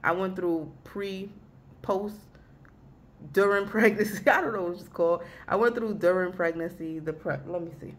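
A young woman talking at her home desk in a casual vlog, rambling and halting, close to tears. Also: on the low side. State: weepy, emotional. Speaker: vlogger.

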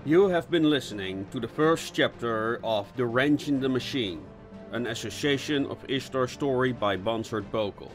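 Brief: male narrator for a steampunk audiobook, deliberate and dramatic delivery. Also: mid-range voice, faint music behind. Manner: slow, measured, dramatic reading.

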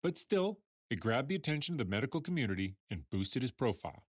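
Lively, playful male science host. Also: mid-range voice, quick pace, husky, no echo. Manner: playful, chatty, addresses listener directly. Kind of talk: scripted science storytelling.

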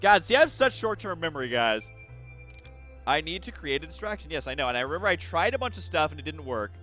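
A young man giving casual let's play commentary while gaming, excitable and quick to exasperated outbursts. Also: on the high side, soft background music.

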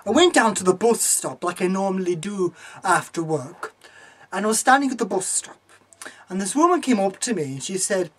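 A woman's voice: mid-range voice, expressive, normal speed, slightly rough. A woman telling a comic rant with hysterical outbursts. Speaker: comedy sketch performer.

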